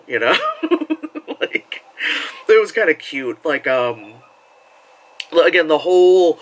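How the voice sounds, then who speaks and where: A man reviews a film in a loose, chatty way. His voice sits a little high and swings widely up and down. He keeps tumbling over fillers and jumps into loud, shouted impressions of the crowd. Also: slow pace, long pauses, rough recording. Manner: rambling and animated, full of fillers, acts out shouts from the crowd. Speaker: movie reviewer. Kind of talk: casual spoken movie review.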